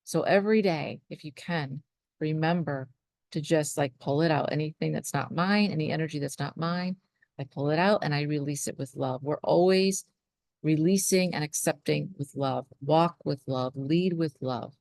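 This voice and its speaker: A woman's voice: low voice, normal speed, gravelly, darkish tone, no room sound, studio quality. A woman, a spiritual life coach, talking earnestly to her viewers about trust and surrender. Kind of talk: motivational talk to camera.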